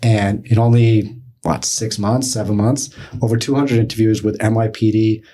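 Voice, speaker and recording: A middle-aged man, telling a story as a podcast guest, animated and acting out other people's lines. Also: lowish voice, moderate pace. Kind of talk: storytelling in casual talk.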